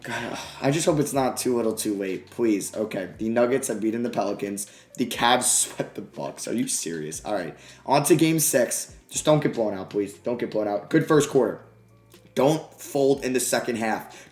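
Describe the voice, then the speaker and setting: A young man commentating over his own video game, excitable, swinging between grumbling and yelling. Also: mid-range voice, moderate pace, roomy sound. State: out of breath. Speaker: gaming YouTuber.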